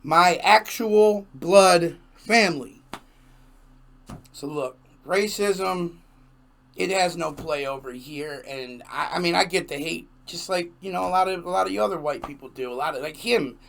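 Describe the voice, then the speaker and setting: A man's voice: fairly high pitch, normal speed, creaky, fairly bright tone. A man hosting a music reaction video, talking in casual, emphatic commentary and repeating himself for effect.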